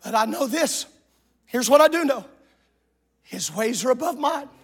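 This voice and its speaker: A man preaching a sermon as a pastor, calling out to the congregation and shouting at the peaks. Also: extremely high pitch, animated, normal speed, breathy edge.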